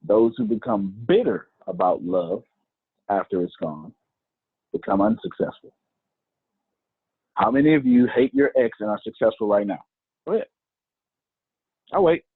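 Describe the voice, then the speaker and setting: A man teaching in a preaching style, repeating key phrases slowly for emphasis. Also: on the low side, expressive, breathy edge, no echo. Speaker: teacher leading an online class. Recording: tinny phone-like line.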